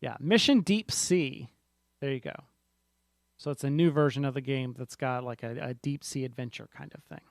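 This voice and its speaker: A man's voice: mid-range voice, normal speed, creaky, dry recording, clean studio sound. A man co-hosting a casual board game podcast, rambling and often restarting his sentences. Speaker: podcast co-host.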